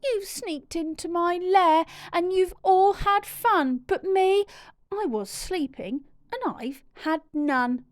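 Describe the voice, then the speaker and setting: Woman doing a sulky bear, whiny and high, feeling left out, storybook reading. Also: takes it slowly, no room sound, studio quality. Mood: aggrieved. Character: sulking big male bear, left out.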